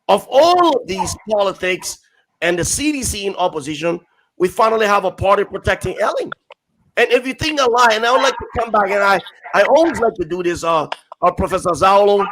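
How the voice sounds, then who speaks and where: A man's voice: high voice, fairly bright tone, a little hiss or hum, low-quality recording. A young Liberian man arguing hard on a forum panel, reading quotes aloud and driving home his points through repetition. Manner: emphatic, reads quotes aloud, repeats phrases. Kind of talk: impassioned political argument.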